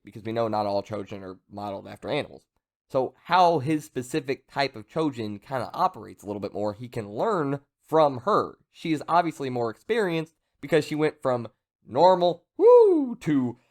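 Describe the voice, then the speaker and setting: A young man casually recapping a manga chapter, rambling with joking asides and lots of fillers. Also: medium pitch. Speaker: manga reviewer.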